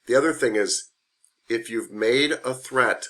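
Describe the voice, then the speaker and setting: A man's voice: mid-range voice, a little slow, bright, forceful tone. A man teaching a massage therapy class in a classroom, speaking frankly and conversationally and repeating his key points. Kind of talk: classroom lecture.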